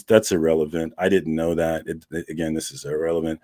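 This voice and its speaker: A man's voice: a bass voice, quick pace, hardly any pauses, darkish tone, slightly rough. A man hosting a casual livestream, talking bluntly and with lots of swearing as he recounts an argument to his viewers. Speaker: host of a comic community livestream.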